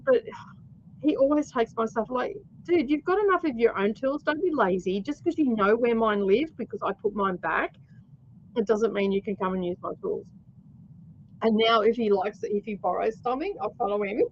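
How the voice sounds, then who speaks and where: Chatty Australian woman host, higher-pitched, faint hiss behind her. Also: animated, normal speed, muffled recording. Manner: chatty storyteller, laughs often, many fillers. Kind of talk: casual livestream chat.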